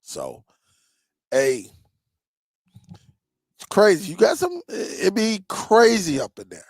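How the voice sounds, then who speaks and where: A man with a high voice hosts a streaming tech channel, chatting casually with viewers and telling animated stories at a slow pace, laughing and repeating himself. The studio sound is clean with no room sound.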